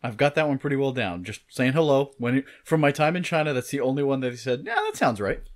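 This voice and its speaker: A man's voice: medium pitch, quick pace. A man co-hosting a podcast in casual chat, thinking aloud and rambling with lots of fillers. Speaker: podcast co-host.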